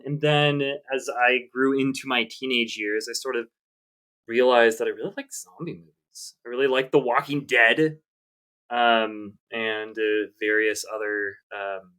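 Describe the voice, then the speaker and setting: A man in his thirties telling his story at an easy, middling pitch, rambling and full of ums and likes. He circles back on himself as he talks in a casual podcast chat. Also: bright, forceful tone, smooth. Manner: rambling, hesitant, many fillers. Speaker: podcast co-host.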